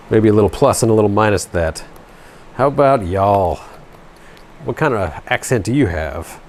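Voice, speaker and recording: A low-pitched man from Georgia talks casually at his workbench, cracking self-deprecating jokes between small fixes. A faint hiss of noise sits under his voice. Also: a little mellow. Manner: joking, self-deprecating, talks while tinkering. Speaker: RC hobby channel host. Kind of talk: casual workshop chat.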